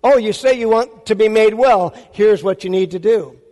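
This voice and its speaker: Man, pastor, very high voice, emphatic sermon delivery, rhetorical questions, long reverb. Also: moderate pace, mellow.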